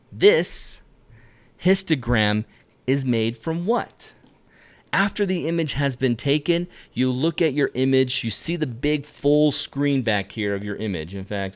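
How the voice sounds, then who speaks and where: A man hosting a live-stream photography tutorial, talking straight to viewers with energy and quick asides to himself. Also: mid-range voice, smooth. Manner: energetic, talks to viewers directly with self-directed asides. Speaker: photography instructor. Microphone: camera lens mic, at a desk facing the camera.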